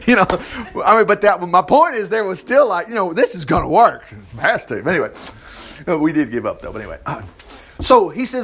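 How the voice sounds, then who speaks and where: Male Bible teacher, folksy, reads scripture with quick asides, very lively intonation. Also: a little high, husky. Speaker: preacher.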